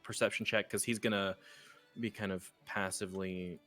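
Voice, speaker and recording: A man runs a tabletop game, narrating scenes in a loose, rambling way, full of fillers. His voice sits on the low side. Soft music plays faintly behind him. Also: flat delivery, moderate pace. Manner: rambling, casual, with many fillers. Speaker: game master.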